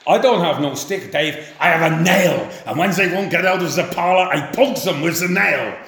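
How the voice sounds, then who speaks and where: A man's voice: fairly high pitch, normal speed, fairly bright tone, pitched above the performer's own voice. A man voicing a proud, blunt German dairy herdsman with a German accent. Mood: boastful. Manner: boastful, emphatic. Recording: roomy echo.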